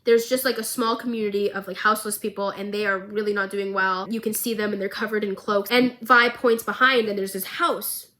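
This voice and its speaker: A young woman vlogger giving a casual, animated recap of a show, with lots of filler words. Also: medium pitch, a little fast, few pauses. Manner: animated, chatty, filler-heavy.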